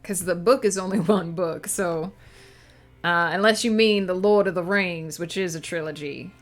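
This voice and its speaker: A woman's voice: lowish voice, normal speed, soft background music, close to an everyday voice. A woman streamer putting on an exaggerated old-movie American Southern accent while chatting casually on a live stream, with a hammy drawl and many fillers. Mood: playful. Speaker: streamer and writer.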